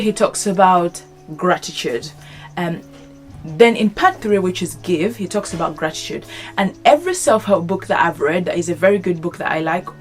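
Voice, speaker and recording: A young woman talks through a book she has read in a relaxed vlog, earnest and reflective. She often circles back and restates a phrase before moving on. Her voice sits a little low, with faint music underneath. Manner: earnest, repeats and rephrases phrases. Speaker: book review vlogger. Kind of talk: casual reflective book summary.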